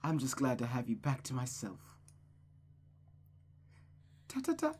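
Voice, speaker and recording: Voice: medium pitch, huge pitch swings, a little slow, a little mellow, husky, full character voice. Someone voicing a possessive, smothering mother. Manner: coaxing, cold, smothering. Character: possessive, manipulative mother of a young woman.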